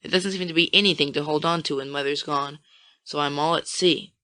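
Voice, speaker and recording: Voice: medium pitch, steady tone, brisk, bright, forceful tone, no echo, lightly acted. An audiobook reader voicing a fretful, tomboyish young woman in a storybook.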